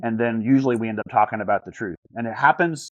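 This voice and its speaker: A man's voice: mid-range voice, quick pace, no echo, poor audio. A man talking as a life coach on a video call, earnest, often repeating words as he searches for the phrasing. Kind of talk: casual coaching talk over a call.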